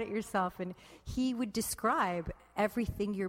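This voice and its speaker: A woman's voice: medium pitch, a little slow, few pauses, long reverb tail. A woman chatting casually on a podcast, rambling and correcting herself mid-sentence, often breaking into laughter. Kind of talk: casual conversation about meditation.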